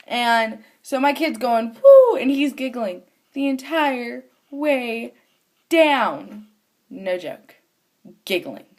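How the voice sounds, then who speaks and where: A woman vlogger, a mother of young children, casually telling a story to the camera. She acts out the voices of the people in it and swears now and then. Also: mid-range voice.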